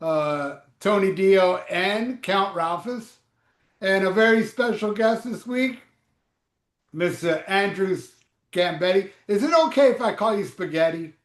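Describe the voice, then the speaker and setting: High-voiced man hosting in an echoey room. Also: unhurried. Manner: loose, joking, rambling with fillers. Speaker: host. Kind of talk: casual live show chat.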